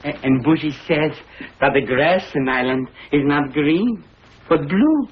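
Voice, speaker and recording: An excitable older family man. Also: fairly high pitch, a little slow, breathy edge. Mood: excited. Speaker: family father and uncle. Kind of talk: 1950s TV sitcom acting. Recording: dull lo-fi 1950s TV audio with faint hiss.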